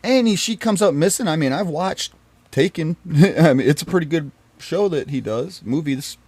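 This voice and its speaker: Earnest man with a fairly high voice. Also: expressive, normal speed, breathy edge, no room sound. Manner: rambling, with restarts and repeated phrases; earnest and pained, often dropping quiet. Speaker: storyteller recounting his marriage. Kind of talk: emotional personal storytelling.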